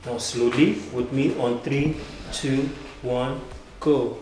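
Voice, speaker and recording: Commanding acting coach, echoey room. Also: male voice, medium pitch, fairly even intonation, takes it slowly, soft background music. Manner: commanding, counts out moves and shouts cues. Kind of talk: coaching students through stage combat drills. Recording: echoey room with background noise.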